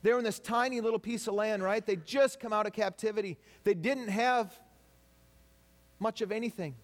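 A pastor preaches a sermon to his congregation, speaking animatedly and acting out people's complaints in quoted voices. His voice is high, at a moderate pace.

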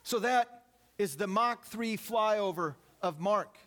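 A man's voice: high voice, slow. A man preaching a sermon, retelling stories with humor and acting out the quotes. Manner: lively storytelling, acts out quotes with humor. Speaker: pastor.

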